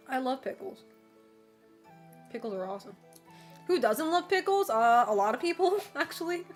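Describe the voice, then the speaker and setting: A woman's voice: sits high, very animated, a little slow, long pauses, faint music behind. A young woman livestreaming, chatting casually and rambling with lots of fillers, casual swearing and frequent laughter. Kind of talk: casual chat while streaming.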